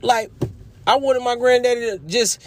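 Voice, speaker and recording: Man, casual commentator, preachy and emphatic, loud bursts then quiet asides. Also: very high-pitched, steady tone, moderate pace, a little hiss or hum. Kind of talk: casual opinion monologue.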